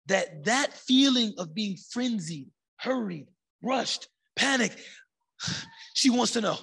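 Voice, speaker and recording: An animated, colloquial man preaches a relaxed, conversational sermon as a religious teacher. His voice is high, creaky, and husky, and he slows for emphasis before jumping into sudden shouts.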